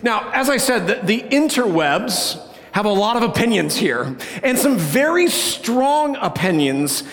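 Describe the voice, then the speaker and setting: A man preaching a sermon in a playful, conversational way, often checking in with the congregation. His voice sits high for a man. It rings out in a large church hall with a long reverb tail. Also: big pitch swings, a little slow, fairly bright tone. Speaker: pastor.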